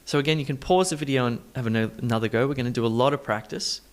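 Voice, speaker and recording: A man teaching an online English pronunciation lesson, saying practice sentences slowly and repeating stressed words to the learner in an encouraging way. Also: medium pitch. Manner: encouraging, talks straight to the learner.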